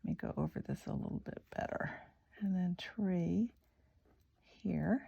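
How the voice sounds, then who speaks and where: A woman talks slowly through her craft project in a casual vlog, thinking aloud as she goes. Her voice is gravelly and mellow, sitting a little low, and now and then she drops to a soft whisper to spell out letters. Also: muffled recording. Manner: slow, chatty, thinking aloud while working. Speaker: craft channel host.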